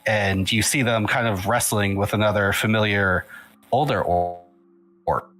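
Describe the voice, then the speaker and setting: A man's voice: lowish voice, measured pace, soft background music, poor audio. A man narrating a tabletop role-playing game as game master, loose and full of fillers. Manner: relaxed, filler-heavy narration.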